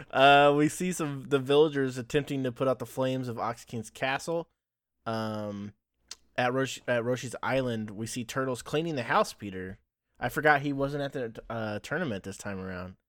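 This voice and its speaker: A man's voice: mid-range voice, moderate pace, no room sound, clean studio sound. A man hosting a podcast, casually recapping episodes and laughing often as he tells the story. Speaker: podcast host.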